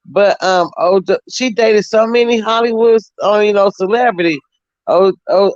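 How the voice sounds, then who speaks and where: An older woman with a raspy voice, chatting bluntly and casually on a call, often cutting in over others. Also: mid-range voice, normal speed, a little mellow, dry recording, highs cut off. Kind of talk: casual chat.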